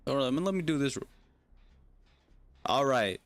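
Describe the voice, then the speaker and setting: Excitable, crude-joking male streamer. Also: mid-range voice, moderate pace, no room sound. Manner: excitable, crude, joking, lots of yelling and laughing. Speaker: gaming streamer. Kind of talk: casual livestream commentary.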